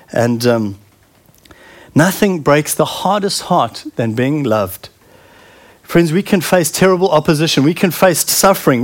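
A middle-aged man preaching a sermon in an earnest, heartfelt way, often pausing and repeating words. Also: fairly high pitch.

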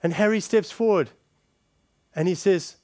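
A man preaching a sermon, calling his listeners friends and shifting between forceful punches and hushed scripture reading. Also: high-pitched, measured pace, dry recording, clean studio sound. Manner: emphatic, addresses the congregation directly as friends.

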